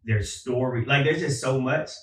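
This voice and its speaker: This man is a podcast guest from Philadelphia, chatting casually with lots of likes and ums. His voice sits at an ordinary pitch and carries the reverb of a roomy space, heard from some distance off the mic. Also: normal speed. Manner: relaxed, storytelling with filler words. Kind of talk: casual conversation.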